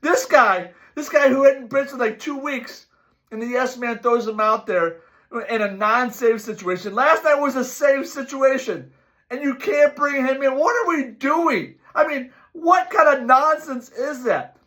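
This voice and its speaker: A middle-aged man hosts a fan sports show with a notably high, bright voice. He rants emphatically and keeps circling back to the same catchphrases. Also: unhurried. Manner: emphatic, repeats "my, oh, my" and "folks". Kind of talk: ranting sports commentary.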